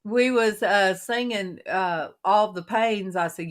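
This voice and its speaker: A middle-aged woman hosts a casual chat with a mid-pitched voice. She tells folksy stories in a lively way and acts out her own lines as she goes. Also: takes it slowly, hardly any pauses. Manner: folksy, animated storyteller, quoting herself and laughing. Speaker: host of a Christian women's coffee talk panel.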